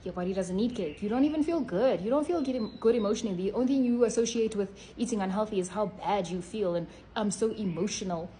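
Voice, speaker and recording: A woman's voice: mid-range voice, fast talker, hardly any pauses, dark tone, a little hiss or hum. A woman vlogging to her phone, blunt and scolding, ending points with a tag question. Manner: blunt, scolding, repeats "okay?" often. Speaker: health vlogger. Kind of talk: casual direct-to-camera vlog.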